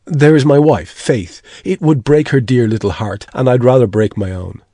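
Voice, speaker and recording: A man's voice: medium pitch, moderate pace, warm tone, dry recording, lightly acted. A man voicing an anxious, stubborn young Puritan husband, speaking in an earnest, uneasy way.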